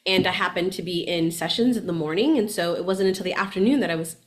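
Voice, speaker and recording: A woman's voice: lowish voice, fast talker. Chatty woman coaching, asking "right?". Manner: chatty, animated, often asks "right?"; laughs often while talking. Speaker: podcast host and spiritual coach. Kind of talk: casual coaching talk.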